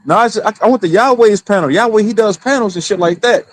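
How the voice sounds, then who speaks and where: A man's voice: high-pitched, quick pace, dry recording. A man hosting a casual stream, telling a story with lots of profanity and quoted back-and-forth. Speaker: streamer, show host.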